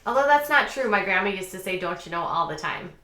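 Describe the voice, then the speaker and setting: A woman's voice: mid-range voice, expressive, a little fast, bright, forceful tone. Giggly woman host in an echoey room. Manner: giggly, rambling. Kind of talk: casual livestream chat.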